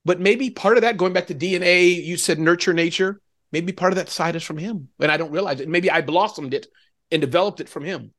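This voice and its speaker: A man as an interview guest, telling stories in an animated, emotional way. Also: sits high, brisk. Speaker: interview guest, keynote speaker. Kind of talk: casual interview conversation.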